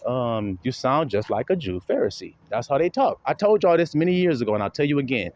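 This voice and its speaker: A man's voice: mid-range voice, sing-song, a little fast, a little mellow. A man preaching in a heated, profane commentary style. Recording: dull lo-fi recording, faint noise.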